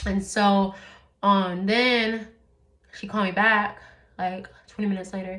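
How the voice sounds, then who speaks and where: A woman's voice: mid-range voice, flat delivery, a little slow, a bit bright, echoey room, low-quality recording. A woman telling a personal story in a candid, rambling way, full of fillers and swearing. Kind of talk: casual storytelling.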